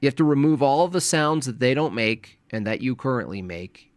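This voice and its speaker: A male streamer talking casually and rambling, often hedging and running himself down. His pitch bounces around a lot. The sound is dry and close. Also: animated, moderate pace, dry recording. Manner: hedging, self-deprecating, rambling. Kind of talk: casual livestream chat.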